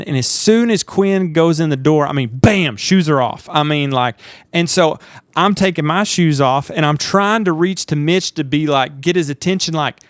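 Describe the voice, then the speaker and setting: A man telling a story on a podcast, animated and laughing as he acts out quotes. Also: on the high side, clean tone, no echo. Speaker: podcast co-host. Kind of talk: casual storytelling chat.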